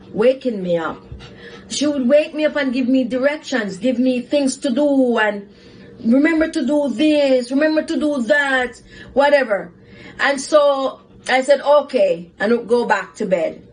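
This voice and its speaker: A woman hosting a talk show, telling a personal story in a casual, animated way and giving life advice. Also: medium pitch, a little hiss or hum, rough recording. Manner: animated, laughs often while telling a story. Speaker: host, psychotherapist.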